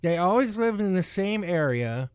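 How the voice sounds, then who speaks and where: Man, higher-pitched voice, dry close sound, rambling storyteller, laughs a lot. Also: big pitch swings, moderate pace, darkish tone, clean tone, no room sound. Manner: rambling, laughing, restarts and acted quotes. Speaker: rideshare driver telling stories. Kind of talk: casual podcast chat.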